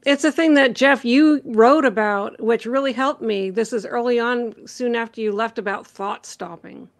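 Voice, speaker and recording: A woman speaks as a guest on a video call, earnest and emphatic in her points. Her voice sits fairly high for a woman. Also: moderate pace, dry recording. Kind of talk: casual interview chat.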